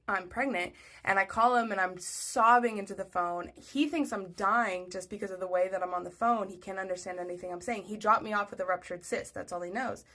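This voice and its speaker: A young adult woman with a medium-pitched, sharp-toned voice tells a story on social video. Her delivery is chatty and casual, packed with "like," and she acts out what people said.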